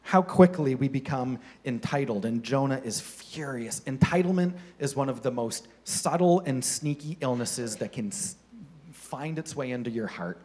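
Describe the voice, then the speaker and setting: A man preaching a sermon, animated and playful, acting out the characters with mocking voices. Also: mid-range voice, moderate pace, breathy edge.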